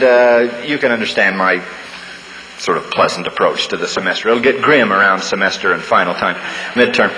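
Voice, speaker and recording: A man giving a humorous sermon to students, a folksy storyteller who pauses with uhs and restarts. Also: mid-range voice, pushed and bright. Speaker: speaker at a campus devotional. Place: large church hall. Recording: large hall, faint room noise.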